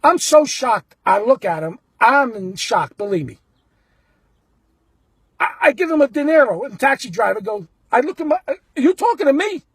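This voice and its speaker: A man's voice: extremely high pitch, normal speed, husky, no echo. A man telling a story in a blunt, casual way, acting out what people said. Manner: animated, blunt, acts out the quotes. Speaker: baseball fan telling a story.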